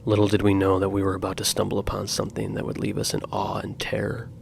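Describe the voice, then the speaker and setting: A man narrating true horror stories in a slow, grave scripted style. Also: fairly low pitch, completely flat delivery, vocal fry, slight background noise.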